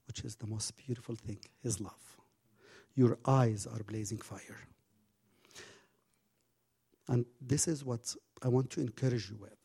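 A man preaching a sermon and telling a story with passion, swinging from hushed tones to loud bursts, his English phrasing slightly broken. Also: medium pitch, gravelly, slightly rough.

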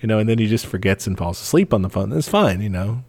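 A man's voice: on the low side, lively intonation, quick pace, a little mellow. A man co-hosting a podcast, chatting casually, sarcastic and profane, often laughing. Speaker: podcast co-host. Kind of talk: casual chat.

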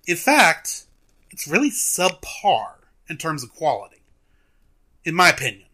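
Animated, bright-voiced male podcast host. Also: on the high side, measured pace. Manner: animated storyteller, laughs often. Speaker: podcast co-host, film reviewer. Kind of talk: casual chat.

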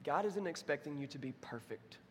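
A young adult man delivers a sermon from a church, talking in a relaxed, conversational way as he tells stories. His voice sits a bit high for a man, and a long reverb from the hall trails each phrase. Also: brisk, slight background noise. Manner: storytelling, conversational, voices quotes with big swings. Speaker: pastor. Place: church sanctuary.

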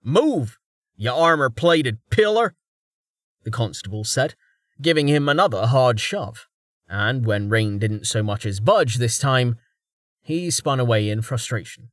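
Brief: male fantasy audiobook narrator, mid-pitch, dry close mic. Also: lively intonation, measured pace, dry recording.

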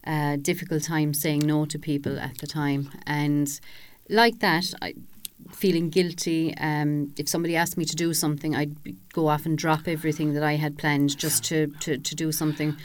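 A woman's voice: low voice, level tone, moderate pace. A woman hosting a local radio interview, friendly and conversational. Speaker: radio host.

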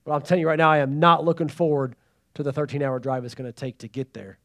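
A man preaching a sermon in a church, emphatic and calling out to the congregation, moving between loud pleading and hushed asides. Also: fairly high pitch, little pitch movement, fast. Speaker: pastor. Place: church sanctuary.

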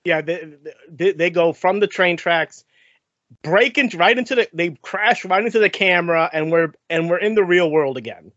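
A man co-hosting a casual talk show about cartoons, relaxed and joking, stretching out words for effect. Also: high voice, moderate pace, no room sound, highs cut off. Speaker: podcast co-host. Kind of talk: casual cartoon review chat.

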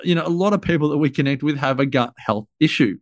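A man's voice: a little high, fast, no room sound. A man hosting a podcast interview, chatty and playful, rambling a bit with plenty of fillers. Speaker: podcast host. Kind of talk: casual conversational interview.

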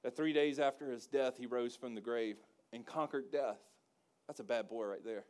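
The preacher, a man with a medium-pitched voice speaking at a moderate pace, mixes jokes and folksy charm into his sermon. Calling on the congregation for responses, he climbs to loud, emphatic call-and-response.

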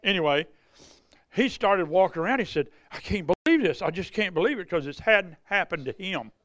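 Brisk and expressive, the preacher's high-pitched voice carries a fairly bright tone. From the pulpit he tells healing testimonies, folksy and conversational, often circling back to repeat or restart.

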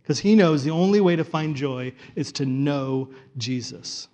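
A man preaching a sermon in an earnest, conversational way, often trailing off softly at the ends of phrases. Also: mid-range voice. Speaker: pastor.

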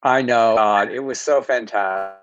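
A man co-hosting a live internet show, speaking in halting, laughing bursts. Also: on the low side, smooth, no room sound, dull audio. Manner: warm, laughing, halting speech. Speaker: co-host. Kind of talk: casual live internet chat.

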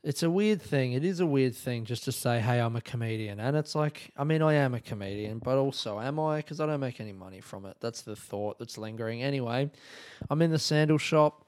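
A man's voice: medium pitch, fairly quick, darkish tone. Rambling, swearing young Australian man. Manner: rambling, self-correcting, swears often, laughs at himself. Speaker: comedian and travel podcaster. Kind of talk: casual travel diary chat.

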